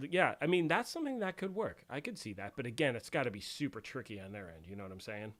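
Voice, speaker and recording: Medium in pitch with big swings, this man talks quickly, hardly pausing, in a fairly bright tone. As a livestream host he chats loosely, full of fillers, and answers viewers' messages, while clearing his throat after choking on tea.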